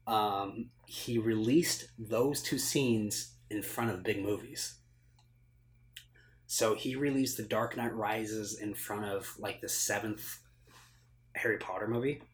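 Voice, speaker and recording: Animated man telling a story. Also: lowish voice, slow pace. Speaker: podcast co-host. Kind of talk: casual chat.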